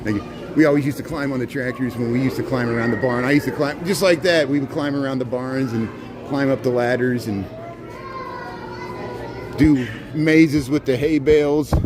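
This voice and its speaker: Male vlogger walking outdoors, easygoing and chatty, with clear outdoor ambience behind. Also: medium pitch. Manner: chatty, jokey, talks to the animals. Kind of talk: casual walking vlog. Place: outdoor farm area at a city zoo. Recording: outdoor street noise. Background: outdoor ambience, birds, passing vehicles.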